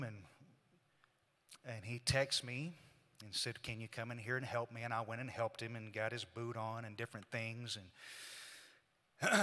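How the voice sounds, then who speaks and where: A man giving a eulogy for his brother at a church memorial service, telling the story in a halting, emotional way and quoting their conversations. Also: mid-range voice, sharp tone. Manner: halting, emotional retelling with quoted dialogue. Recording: echoey church hall.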